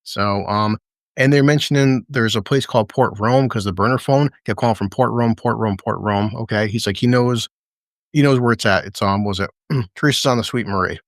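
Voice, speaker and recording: A man's voice: on the low side, fairly quick, no room sound, studio quality. Profane rambling man recapping a show. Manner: rambling, profane, laughing often. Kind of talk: casual livestream episode recap.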